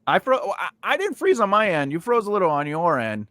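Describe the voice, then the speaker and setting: A man's voice: high voice, sing-song, fast talker, bright, forceful tone, dry recording. A man hosting a casual chat over a video call, telling rambling stories full of fillers and restarts. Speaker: podcast host.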